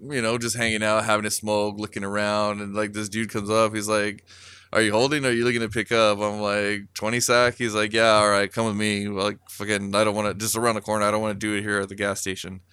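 Casting: man, low-pitched and smooth, dry close sound, loose rambling storyteller who swears a lot. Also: monotone, fairly quick, few pauses, bright, forceful tone, no room sound. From California. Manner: rambling, many fillers and swearing, laughs through the telling. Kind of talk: casual storytelling, profane.

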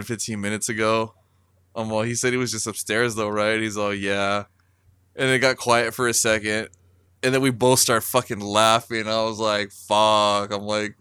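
A man's voice: medium pitch, fairly bright tone, smooth, no echo. A man from California telling a rambling, profane story in casual chat, full of fillers. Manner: rambling, many fillers and swearing, laughs through the telling.

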